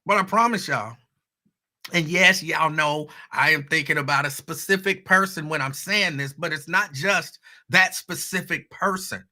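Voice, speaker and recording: Male host, fairly high, very bright voice, casual storytelling with asides to the audience. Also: normal speed. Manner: conversational storytelling, animated asides to listeners. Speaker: radio host. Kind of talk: casual monologue.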